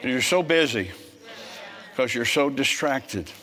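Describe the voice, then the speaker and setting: A man in his seventies preaching a sermon, telling stories bluntly and growing forceful when he scolds. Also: mid-range voice, expressive, slow pace. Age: 70s. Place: church service with congregation.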